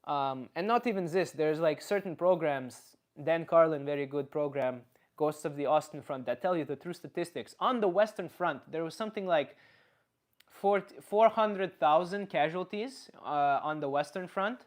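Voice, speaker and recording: A man from Canada holds loose live stream chat, rambling and swearing freely. His voice sits a bit higher than most men's. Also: normal speed. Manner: rambling, profane, reads chat aloud. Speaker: comedian streamer.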